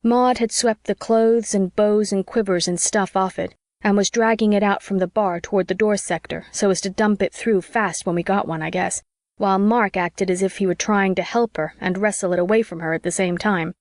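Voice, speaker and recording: A woman narrating an audiobook in the first person, in a clear, even telling. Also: medium pitch, moderate pace, no echo, clean studio sound.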